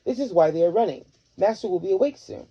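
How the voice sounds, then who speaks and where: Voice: mid-range voice, expressive, quick pace, breathy edge, highs cut off. A reader voicing a cheerful, earnest male talking dog who speaks in a literal, formal way. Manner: literal, eager, formal speech.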